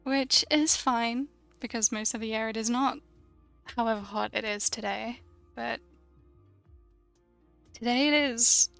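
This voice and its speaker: A woman's voice: a little high, fairly even intonation, moderate pace, gravelly, a bit bright, clean tone, dry recording, soft background music. A young British woman from the UK chatting casually and rambling while she draws on a stream, laughing often. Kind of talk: casual chat while drawing.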